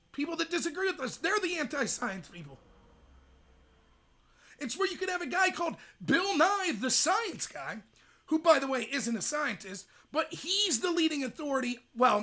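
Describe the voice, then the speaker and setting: A young adult man hosting a livestream, ranting in rapid, emphatic commentary. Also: very high-pitched, bright, forceful tone. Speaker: host.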